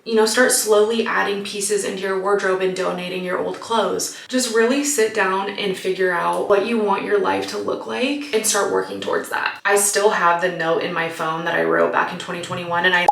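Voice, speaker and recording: Chatty late-20s woman answering questions, bit of vocal fry, echoey room. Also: medium pitch, steady tone, normal speed, hardly any pauses, fairly bright tone. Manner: chatty, uses "like" often, laughs easily. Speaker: vlogger answering viewer questions. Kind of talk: casual Q&A chat. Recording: roomy, mic at a distance.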